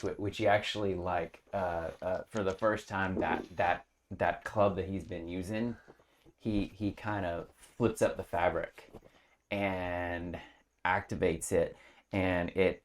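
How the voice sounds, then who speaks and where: Low halting man at a tabletop game. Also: fairly even intonation. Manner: halting, restarts often, bursts into loud laughing. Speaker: player. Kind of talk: casual tabletop game chat.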